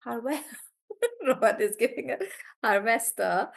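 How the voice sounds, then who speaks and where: A woman's voice: on the high side, gravelly. Woman teacher sounding out syllable stress. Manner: animated, drawn-out demonstration of syllable stress, self-correcting. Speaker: online English teacher. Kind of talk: live online class.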